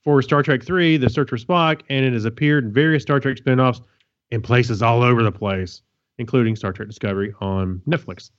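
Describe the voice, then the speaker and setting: A man's voice: medium pitch, normal speed, muffled recording. A man co-hosting a casual podcast, reading a news item with playful asides. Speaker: podcast co-host.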